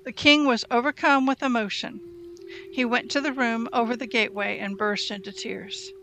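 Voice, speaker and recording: A woman reading scripture aloud in a measured, storytelling way. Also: a little high, fairly even intonation, over music. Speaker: Bible reader.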